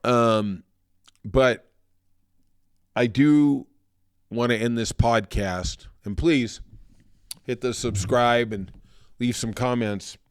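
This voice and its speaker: A man's voice: medium pitch, slow, pauses often, smooth, dry recording, clean studio sound. A man hosting a solo political podcast, talking in a conversational, thoughtful way. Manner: conversational, thoughtful, turning somber. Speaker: podcast host.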